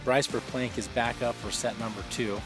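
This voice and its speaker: A man's voice: medium pitch, fairly even intonation, normal speed, music in the background. A man giving live long-drive golf commentary, chatty and explanatory, often using fillers.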